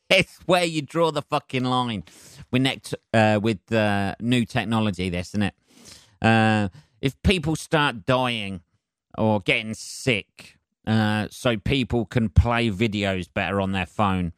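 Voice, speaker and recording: A man's voice: lowish voice, clean tone, no room sound, clean studio sound. A man, hosting a solo podcast and rambling in a sardonic, sweary way with lots of ums and uhs. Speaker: podcast host.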